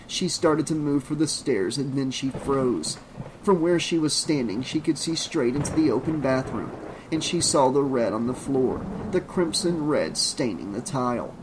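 A man narrating a slasher audiobook at a measured, suspenseful pace, with a faint hiss of noise under his voice. His pitch sits in the ordinary middle for a man. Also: expressive. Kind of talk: audiobook narration of a horror story.

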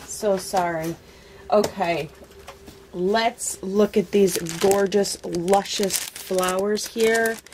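A woman vlogger unboxing a craft swap package in casual chat, gushing over each item with excited exclamations. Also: mid-range voice, extremely slow, a little hiss or hum.

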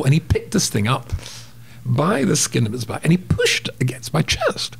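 A man's voice: on the high side, wildly swooping pitch, moderate pace, creaky, breathy edge. A man telling a story as a guest on a casual interview podcast, acting out sounds and voices as he goes.

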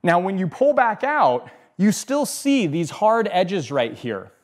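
A man's voice: sits high, big pitch swings, slow. A man teaching bonsai display as he works, talking casually and repeating phrases, often checking in with "okay?" and "right?". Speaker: bonsai instructor. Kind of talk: hands-on demonstration talk.

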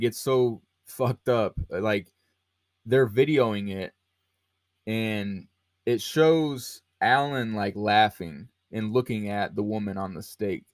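Man, podcast host, slow unhurried talk, lowish voice, dry close sound, rambling with fillers. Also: no room sound. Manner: rambling, many fillers and restarts. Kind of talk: casual film discussion.

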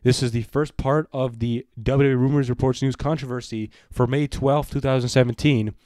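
A man's voice: mid-range voice, steady tone, moderate pace, darkish tone, no echo, clean studio sound. A man hosting a wrestling news show on his own, talking in a rambling way, repeating himself and restarting. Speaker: wrestling news channel host. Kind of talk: casual solo commentary.

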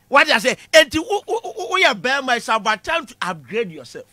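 High bright man joking loudly. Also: fast talker, hardly any pauses, dry recording. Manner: animated, shouting punchlines, laughing at own jokes. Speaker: comedy lecturer. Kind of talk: comic classroom lecture.

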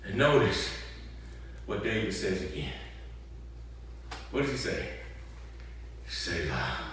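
A man preaching a sermon as pastor, moving from conversational talk to passionate shouting and asking the congregation questions. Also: lowish voice, a little slow, a little hiss or hum. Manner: animated, rhetorical questions to congregation. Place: church sanctuary. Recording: echoey church hall from far off.

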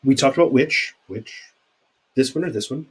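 A man's voice: medium pitch, normal speed, breathy edge. A man teaching sign language vocabulary in a recorded video lecture, chatty and informal, with fillers and asides.

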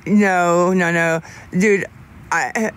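A young man on a casual livestream, answering chat in a rambling, halting way with many restarts, candid about staying sober. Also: sits high, fairly even intonation, a bit bright, smooth.

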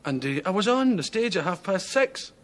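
A man's voice: sits high, sing-song, moderate pace. A Scottish man, a talk show guest, tells rambling comic anecdotes and chuckles his way through them. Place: TV studio with live audience. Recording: 1970s TV studio with audience laughter and hiss.

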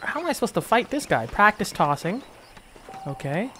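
A man's voice: high-pitched, sing-song, normal speed, noisy background. A man casually commenting while playing a game, thinking aloud with restarts. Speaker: gameplay streamer.

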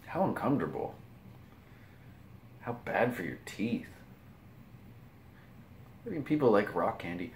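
A man from the US Pacific Northwest with a low, deep voice, chatting in a loose morning vlog ramble. He restarts his phrases, laughs at himself and lets his words come out a little mumbled. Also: sing-song, unhurried, long pauses, slight background noise. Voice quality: slightly mumbled. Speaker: vlogger. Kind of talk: casual morning ramble to camera.

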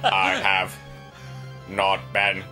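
A man voicing a dopey, low-voiced dimwit who blurts out silly confessions in a goofy, deliberately dim-sounding way. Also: monotone, sharp tone, faint music behind, exaggerated voice.

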